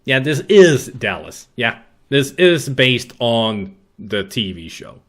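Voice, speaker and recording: Lively, jokey man commentating a retro game. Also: mid-range voice, takes it slowly. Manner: dry, jokey, sarcastic asides. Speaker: let's play commentator. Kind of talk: game commentary reading text aloud.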